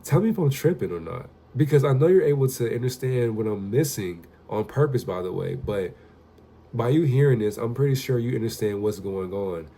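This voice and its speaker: A man's voice: medium pitch, animated, brisk, dark tone. A young man telling a casual, profane story straight to the camera as a vlogger. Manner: loose, profane, conversational storytelling.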